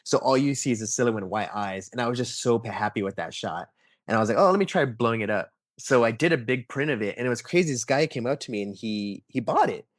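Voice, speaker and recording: A young man telling stories in a casual interview, animated and full of fillers, acting out what people said. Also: mid-range voice, quick pace, no room sound, studio quality. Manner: animated storyteller, acts out quotes, many fillers like "like" and "um". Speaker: podcast guest, toy photographer.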